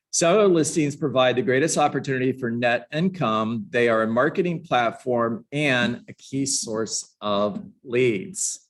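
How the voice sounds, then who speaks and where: Guy in his own voice hyping a room of agents thru a book lesson, super passionate, kinda sarcastic. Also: medium pitch. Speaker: real estate trainer. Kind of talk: energetic live book-study lesson. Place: room with a live audience.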